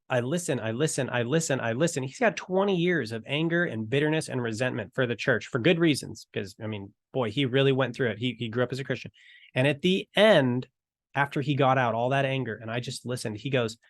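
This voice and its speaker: A man's voice: mid-range voice, dry recording, studio quality. A man teaching evangelism in a casual talk to camera, acting out bits of conversation as he goes. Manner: conversational, acts out dialogue in quick asides.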